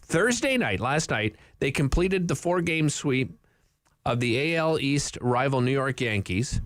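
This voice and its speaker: A man's voice: mid-range voice, sing-song, measured pace, no echo. A man hosting an open-line radio talk show, chatty and rambling, from Canada, with frequent restarts.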